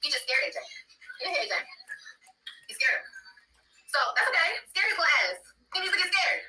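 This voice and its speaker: Rapid-fire defiant woman on a livestream. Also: very high voice, very animated, pushed and bright, distant mic, rough recording. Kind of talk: livestream talk.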